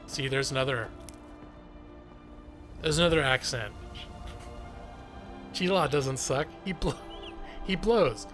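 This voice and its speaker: A man's voice: mid-range voice, animated, slow pace, pauses often, fairly bright tone, soft background music. A man chatting casually and joking at his own expense while streaming a video game live. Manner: chatty, joking, self-deprecating. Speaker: gaming streamer. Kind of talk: live gameplay commentary.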